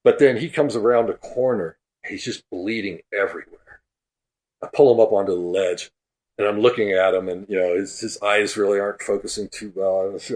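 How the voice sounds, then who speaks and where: A man with a slightly low voice tells a story with gusto as a podcast guest. He laughs often and acts out the voices of the people in it. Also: a little fast, darkish tone. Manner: laughs through his stories; acts out quoted speech. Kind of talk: animated storytelling.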